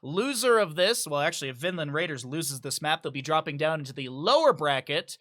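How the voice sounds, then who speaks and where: A man's voice: fairly high pitch, animated, brisk, a bit bright. A man casting a live esports match on stream, chatty and rambling, often stopping to apologize. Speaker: esports caster. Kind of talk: live stream game commentary.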